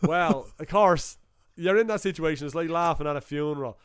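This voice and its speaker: A young Dublin man with an Irish accent, co-hosting a podcast and telling a profane, animated anecdote in casual chat. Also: a little high, fairly quick, slight background noise. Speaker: podcast co-host.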